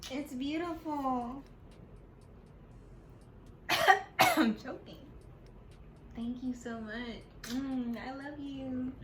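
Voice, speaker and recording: A woman's voice: high voice, slow, reverberant, a little hiss or hum. A woman vlogger crying with joy, giggly and tearful, repeating exclamations in casual chat.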